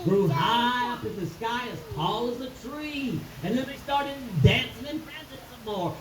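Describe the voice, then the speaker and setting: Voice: medium pitch, unhurried, hardly any pauses, roomy sound, crowd noise, poor audio. Folksy sing-song storyteller. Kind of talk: live storytelling skit.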